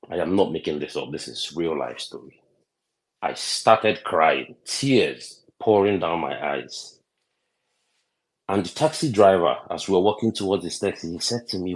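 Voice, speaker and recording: A man's voice: sits low, a little mellow. A man with a Nigerian accent tells a personal story in an online audio chat room. He talks earnestly, repeats himself and asks rhetorical questions. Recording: online audio room over a phone mic.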